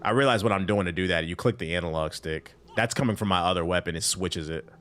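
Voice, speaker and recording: A man's voice: sits low, quick pace, fairly bright tone, faint music behind. A man streaming a game, chatting casually with his chat in loose, profane slang. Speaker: gaming streamer. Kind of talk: casual live-stream commentary while playing.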